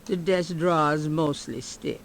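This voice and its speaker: A slow gravelly game narrator. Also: female voice, sits low, a little hiss or hum, rough recording. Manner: slow, measured, gravelly, dry wit. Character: calm wry game narrator.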